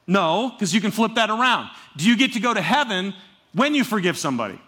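A male pastor delivering a sermon in a high, bright voice. He talks in a casual, conversational way but hits key points with real emphasis, often breaking off into asides. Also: sing-song, fairly quick.

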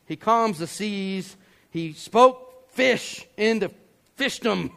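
A man from Georgia, preaching a sermon as a pastor, telling a story with animated acted-out voices. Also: high-pitched, slow pace, vocal fry. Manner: animated, acts out voices and yells for effect.

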